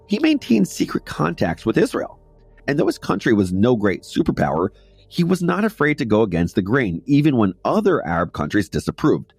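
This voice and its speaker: A man's voice: medium pitch, a little mellow. A man hosting a history podcast, narrating a script with casual asides and repeating phrases for emphasis.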